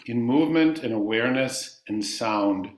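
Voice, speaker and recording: A man teaching a chanting class, calmly explaining ideas and singing long vowels for his students to repeat. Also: mid-range voice, moderate pace, reverberant.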